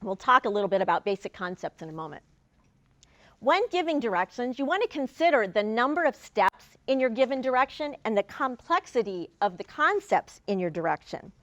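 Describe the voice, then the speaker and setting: A woman presenting a training video for educators, speaking clearly and deliberately and stressing key words. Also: fairly high pitch, fairly bright tone, no echo. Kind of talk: instructional talk to educators. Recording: dull lo-fi sound, dry.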